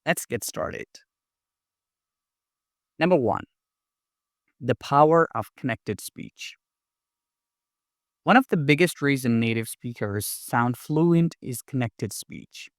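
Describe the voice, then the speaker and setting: Male language teacher, unhurried delivery, dry close sound, instructive scripted tone. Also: mid-range voice, expressive, no room sound. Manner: clear, deliberate, instructive delivery. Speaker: English teacher. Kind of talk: scripted lesson narration.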